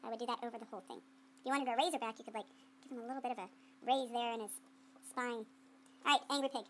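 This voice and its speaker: A woman's voice: a little high, fairly even intonation, quick pace, a little hiss or hum. A woman art teacher giving a playful running commentary while she demonstrates clay sculpting to students.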